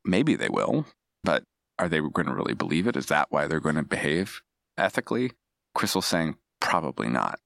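A man's voice: extremely low pitch, very animated, normal speed, gravelly, a bit bright, no room sound, clean studio sound. A man speaking as a podcast guest, explaining ideas in a thoughtful, digressive way with frequent restarts. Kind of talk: casual analytical discussion.

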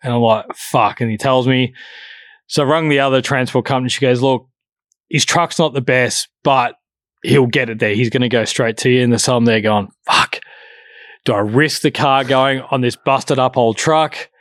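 A man's voice: mid-range voice, moderate pace, fairly bright tone, no room sound, studio quality. A man telling a story in casual chat, swearing freely and acting out both sides of the conversation.

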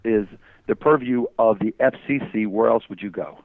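A man guesting as an entrepreneur in a phone interview makes his case forcefully through rhetorical questions, at normal speed with a fairly low pitch. The recording is dry and the line sounds tinny.

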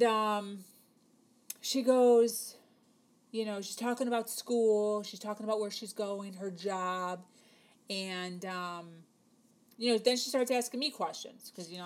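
A woman in her thirties, telling a personal story to her viewers in a chatty way, with many fillers, acting out the dialogue. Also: medium pitch. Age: 30s. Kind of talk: casual storytelling to camera.

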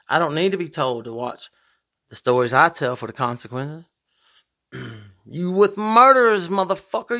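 A man hosting a podcast, talking in a profane, rambling monologue with big emphatic swings in pitch. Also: pushed and bright. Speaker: podcast host. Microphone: podcast microphone.

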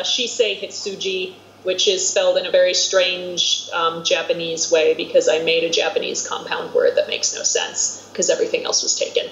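A woman's voice: medium pitch, a bit bright, reverberant, lo-fi sound, slight background noise. A woman guest on a podcast, chatting wryly about her writing with plenty of fillers. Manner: chatty, wry, filler-heavy. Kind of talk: casual podcast chat.

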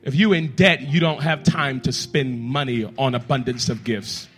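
A man preaching a sermon in a church as pastor, talking straight to the congregation and leading them in prayer, swinging from hushed lines to loud, emphatic ones. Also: medium pitch, moderate pace, soft background music. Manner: addresses the congregation directly, leads them in prayer.

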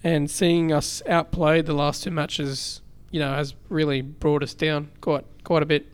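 Chatty higher-voiced podcast host man. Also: unhurried, clean tone. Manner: relaxed, chatty, laughs easily. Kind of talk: casual podcast chat.

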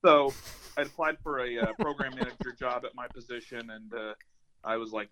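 A man's voice: medium pitch, normal speed. A young man co-hosting a podcast in casual chat, telling a story with energy, swearing freely and acting out the voices of people in it. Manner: animated storyteller, swears freely, acts out quotes. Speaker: podcast co-host. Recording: slightly dull lo-fi sound.

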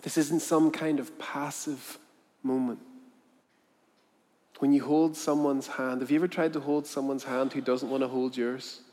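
A man preaching a sermon, telling a story and acting out its voices, then speaking quietly in appeal to his listeners. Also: mid-range voice, fairly even intonation, a little slow. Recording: long hall reverb.

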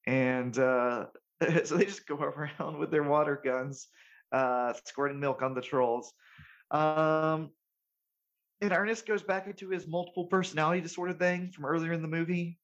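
Chuckling, slightly high-voiced male podcast host. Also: moderate pace, highs cut off. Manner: relaxed, chuckles while recapping, self-correcting. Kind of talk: casual movie recap chat.

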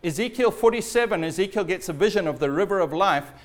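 A man preaching a sermon in a storytelling way, often dropping low and quiet at the ends of phrases. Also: animated, fast.

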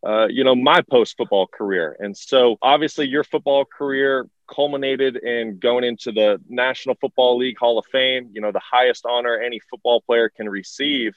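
A man's voice: mid-range voice, moderate pace, few pauses, dry recording. A man in his thirties hosting an interview podcast, earnest and repeating words as he starts his sentences. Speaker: host, former pro football player. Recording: dry, dull-sounding mic.

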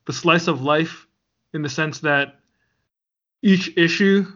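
A man's voice: fairly high pitch, slow, a bit bright. A man co-hosting a podcast, chatting casually and laughing easily. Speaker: podcast co-host. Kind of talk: casual chat. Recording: dull lo-fi sound.

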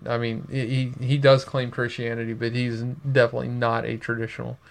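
A man's voice: mid-range voice, flat delivery, a little fast, gravelly. A young man co-hosting a podcast, talking in a casual, earnest and reflective way. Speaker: podcast co-host. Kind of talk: casual chat.

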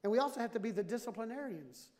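High-voiced joking preacher in a reverberant hall. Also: male voice, fast. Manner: animated, jokey, acts out dialogue. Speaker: pastor. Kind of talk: sermon with humor.

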